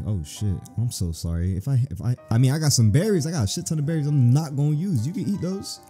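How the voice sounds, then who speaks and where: A man's voice: mid-range voice, very animated, fast, hardly any pauses, dark tone, faint music behind. A man giving casual, profane gameplay commentary as he plays, joking and reacting aloud as he reads the game's text. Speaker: let's play host.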